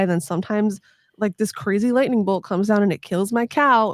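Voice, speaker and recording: A woman's voice: mid-range voice, brisk, dry recording, clean studio sound. Playful, sarcastic woman podcaster. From United States. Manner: playful, sarcastic, swears casually, acts out silly quoted voices. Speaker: podcast host. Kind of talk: casual chat.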